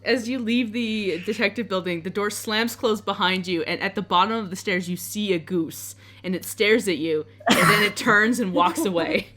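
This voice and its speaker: A woman narrating as game master for a tabletop game, relaxed and chatty. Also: mid-range voice, normal speed, few pauses.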